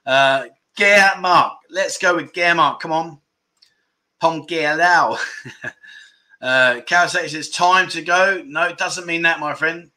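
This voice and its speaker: Sharp-voiced jokey man. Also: on the high side, slow pace. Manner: jokey, laughs often while reading out viewer comments. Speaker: livestream host. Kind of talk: casual livestream chat.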